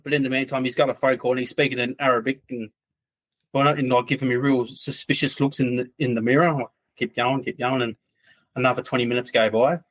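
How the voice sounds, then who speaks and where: A man's voice: medium pitch, steady tone, fast talker, a bit bright. A man, a podcast guest telling a story in a loose, rambling way. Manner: rambling, loose, full of "like" asides. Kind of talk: casual storytelling.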